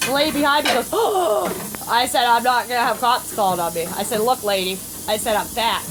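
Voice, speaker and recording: A middle-aged family vlogger with a higher voice chats casually and quickly while playing a phone game, telling a story and acting out other people's lines. The background is noisy.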